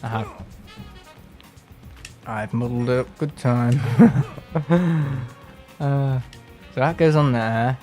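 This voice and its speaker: A man's voice: medium pitch, drawn-out words, pauses often, darkish tone, faint music behind. A man chatting casually on a live game stream, rambling and sarcastic and mimicking other people in put-on voices. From England. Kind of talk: casual live-stream chat while playing.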